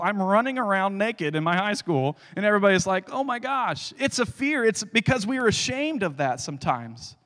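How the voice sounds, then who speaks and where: Animated high-voiced male preacher in a hall. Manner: animated storytelling, drops to hushed tones for scripture. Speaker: guest speaker. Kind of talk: sermon.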